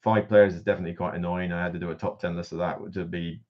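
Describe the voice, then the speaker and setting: A man's voice: low voice, little pitch movement, rapid-fire. A man with a West Country accent, chatting casually and laughing often on a board game live stream. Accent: West Country English. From West Country, England. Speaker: board game reviewer, guest. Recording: dull lo-fi stream audio.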